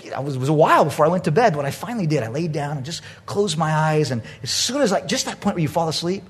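A high-voiced male preacher whose pitch leaps all over as he delivers a sermon. His tone is husky and slightly breathy. He tells stories with animated energy, swinging between loud outbursts and quiet, hushed asides. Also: quick pace. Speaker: pastor.

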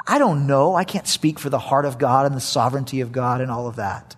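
A man preaching a sermon as a pastor, animated and acting out prayers with frequent chuckles. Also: mid-range voice, fairly quick, hardly any pauses, slightly rough, long reverb tail.

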